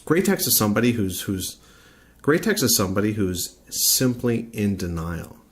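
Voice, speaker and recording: A man's voice: on the low side, sing-song, normal speed, a little hiss or hum. A man from Canada delivering an opinionated video rant as a vlogger, blunt, profane and argumentative, often repeating his points.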